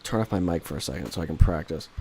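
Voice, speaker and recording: A man's voice: low voice, rapid-fire, mellow. A man streaming a strategy game, chatting with viewers in a rambling, self-deprecating way with lots of hesitations into a desk microphone. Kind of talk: casual live-stream chat with viewers.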